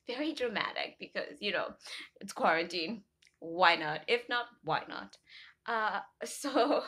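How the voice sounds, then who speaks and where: A young woman from Africa, chatting casually to camera and telling animated stories full of tangents and laughter. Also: a little high. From South Africa. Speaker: vlogger.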